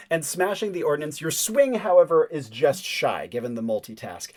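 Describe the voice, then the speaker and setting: A man's voice: a little high, lively intonation, moderate pace, a little hiss or hum. A man running a tabletop game as game master, narrating loosely with lots of fillers and laughing along.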